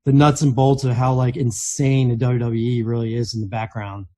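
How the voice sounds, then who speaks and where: A man's voice: medium pitch, flat delivery, normal speed, warm tone. A man co-hosting a podcast, rambling through casual wrestling chat with plenty of "like" fillers. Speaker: podcast co-host.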